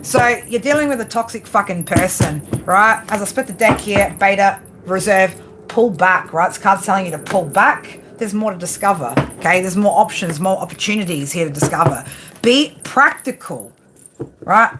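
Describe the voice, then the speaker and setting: A woman's voice: medium pitch, animated, normal speed, noisy background. A woman giving a live tarot reading to viewers, blunt and swearing constantly, tagging her lines with "right?". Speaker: tarot reader.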